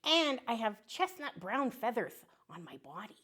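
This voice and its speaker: A woman's voice: fairly high pitch, very animated, moderate pace, sharp tone, exaggerated voice. A woman voicing a joke-loving male mallard duck who tells puns and quacks between lines in a children's show. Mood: jokey. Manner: punny, bursts into quacking.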